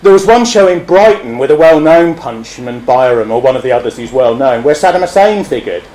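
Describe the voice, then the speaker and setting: A man giving a public speech, animated, acting out scenes and laughing. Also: mid-range voice, brisk, reverberant, a little hiss or hum, low-quality recording. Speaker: speaker.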